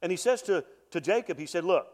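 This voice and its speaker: A middle-aged pastor preaching a sermon, with animated delivery that swells and drops to a hush, often repeating words as he restarts. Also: high-pitched, quick pace.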